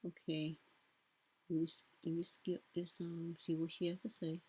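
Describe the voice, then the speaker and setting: A woman's voice: lowish voice, little pitch movement, moderate pace, mellow, husky. A young woman giving casual reaction commentary, blunt and sassy, talking back at the clips she plays. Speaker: commentary vlogger.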